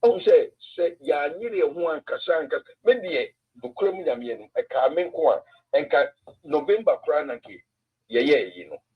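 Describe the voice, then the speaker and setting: A man's voice: fairly high pitch, animated, normal speed, husky, phone-quality sound. A man with a Ghanaian accent hosting a casual political talk stream, emphatic and repeating words for effect. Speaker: political commentator host.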